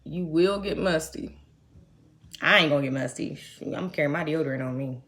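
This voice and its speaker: A young adult woman from the United States chatting casually to her viewers, telling a trip story in animated, slangy talk. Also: low-pitched, moderate pace. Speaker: vlogger. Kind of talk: casual chat to camera.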